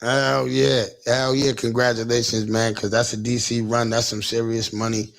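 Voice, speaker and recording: A man's voice: mid-range voice, level tone, normal speed, creaky. A man hosting a livestream, telling rambling, profane, teasing comic stories in casual chat. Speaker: livestream host.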